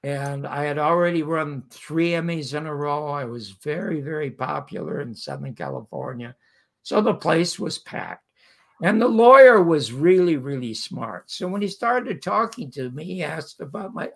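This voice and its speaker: A man's voice: fairly high pitch, normal speed, vocal fry. An older man from Canada, an interview guest telling a long anecdote and acting out the voices of the people in it. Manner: lively storyteller who acts out quoted voices. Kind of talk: anecdotal storytelling.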